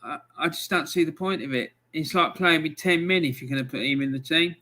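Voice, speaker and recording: A man's voice: fairly high pitch, brisk, sharp tone. A man hosting a live football fan stream, ranting in angry exasperation about his team's loss. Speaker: fan channel host.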